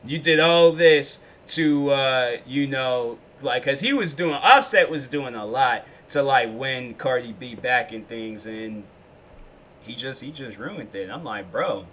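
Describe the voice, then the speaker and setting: Bright-voiced man rambling in casual chat. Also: mid-range voice, unhurried. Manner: rambling, full of fillers and restarts. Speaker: reaction video host.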